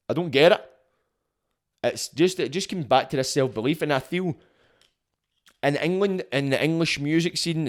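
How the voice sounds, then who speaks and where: A young Scottish man hosting a podcast, giving a blunt, sweary, opinionated monologue that grows heated. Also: on the high side. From Scotland. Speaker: podcast host.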